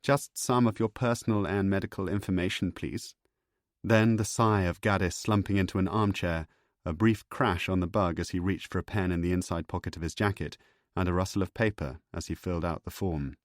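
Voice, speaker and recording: A man reading an audiobook thriller in a measured, even storytelling voice. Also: sits low, dry recording, clean studio sound. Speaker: audiobook narrator. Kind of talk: scripted narration.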